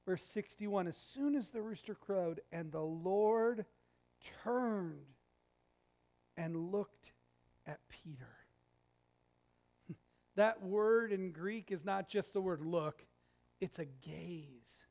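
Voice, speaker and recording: A male pastor giving a sermon in a conversational, animated storytelling way with jokes. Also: high voice, takes it slowly, vocal fry, long pauses. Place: church sanctuary.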